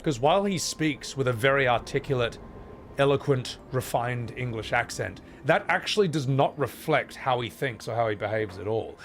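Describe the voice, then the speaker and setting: A man's voice: medium pitch, a little hiss or hum. A man with an Australian accent chatting casually to his viewers while playing a video game, rambling and swearing freely. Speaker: streamer. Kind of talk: casual gaming commentary.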